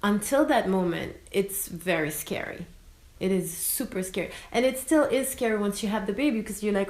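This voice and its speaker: French-accented mom vlogging in an echoey room. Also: female voice, medium pitch, measured pace. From France. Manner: expressive, sprinkles in French words. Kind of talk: casual vlog talk.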